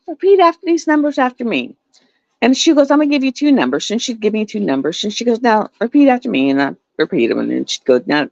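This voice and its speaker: A woman's voice: lowish voice, dry recording. Lady rambling to her stream, bouncy up-and-down voice, dull dry sound. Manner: animated storytelling, laughs often, swings between voices. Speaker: live stream host. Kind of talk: casual chat to viewers.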